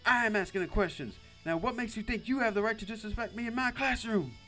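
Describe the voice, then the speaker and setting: A man's voice: sits high, brisk, pushed and bright, faint music behind, pitched above the performer's own voice. Man doing a screaming drill-sergeant teacher. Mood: interrogating. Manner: barking orders, insulting, commanding. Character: screaming foul-mouthed adult male drill-sergeant teacher. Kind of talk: visual novel voice acting.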